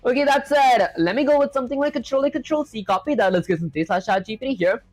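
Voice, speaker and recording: On a laid-back livestream, a programmer narrates their code quickly and with lively intonation, in a mid-range voice. They chat away, lean heavily on "like" and other fillers, poke fun at themselves, and address the chat as "guys," while soft music plays faintly in the background.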